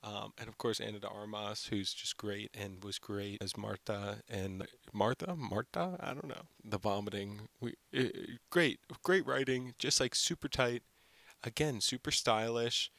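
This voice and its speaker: A man's voice: on the low side, unhurried, vocal fry, sharp tone, dry recording. A young man hosting his own film channel, giving an unscripted, rambling review full of "like" and fillers. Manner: rambling, heavy use of "like" and fillers.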